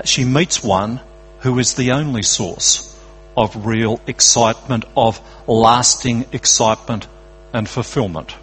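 Husky older Australian preacher. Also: male voice, medium pitch, rough recording. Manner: conversational and earnest, swinging between lively emphasis and quiet drops. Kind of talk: sermon.

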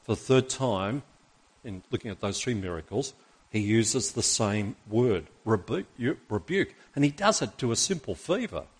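Man, preacher, husky voice, sermon in church, reads scripture, asks rhetorical questions. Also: on the low side, lively intonation, unhurried. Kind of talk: sermon with Bible reading.

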